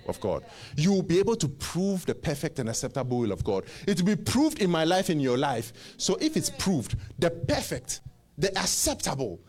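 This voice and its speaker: Impassioned preacher, man, lively pitch. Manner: call-and-response preaching, stammered repeats and sudden loud rises. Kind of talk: sermon.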